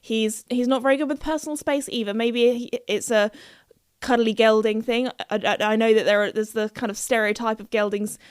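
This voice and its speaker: A woman's voice: a little high, brisk, clean tone, no room sound. Bubbly young woman podcaster, close dry mic. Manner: bubbly, giggly, squeals when excited. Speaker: podcast host. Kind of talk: casual chatty monologue.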